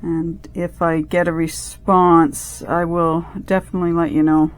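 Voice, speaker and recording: A woman's voice: fairly low pitch, flat delivery, unhurried. Rambling woman talking through a craft. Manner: rambling, self-correcting, thinking aloud. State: out of breath. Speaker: resin crafter. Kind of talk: casual crafting commentary.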